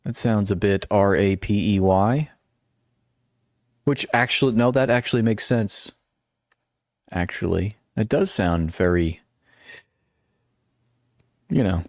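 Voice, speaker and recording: A man's voice: lowish voice, takes it slowly, long pauses, no echo, clean studio sound. A man running a live-stream commentary, reading articles aloud and breaking off into sarcastic, mocking asides.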